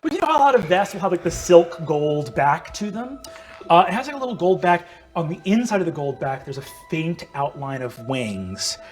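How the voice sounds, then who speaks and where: A man's voice: a little high, sing-song, normal speed, faint music behind. Casual man narrating a tabletop game. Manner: casual, with many ums and likes. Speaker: game master.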